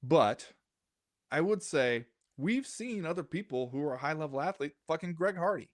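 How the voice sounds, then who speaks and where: A man co-hosting a podcast in casual chat, reading listener comments aloud with a wry, animated delivery. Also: on the high side, moderate pace, dry recording, studio quality. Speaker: podcast co-host.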